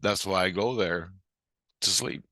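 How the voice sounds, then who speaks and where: A man's voice: deep voice, a little slow, pushed and bright, no room sound, studio quality. A middle-aged man telling a rambling, profane story about a strange experience, agitated and full of restarts. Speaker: vlogger recounting a spiritual experience.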